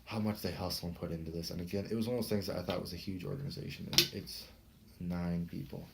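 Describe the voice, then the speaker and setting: A man with a somewhat low voice rattles on at a fast clip, excitable and rambling as he hosts a casual podcast. He swears freely and drops dude into every other sentence, with a faint hiss under the recording. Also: creaky. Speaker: podcast host. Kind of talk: casual chat.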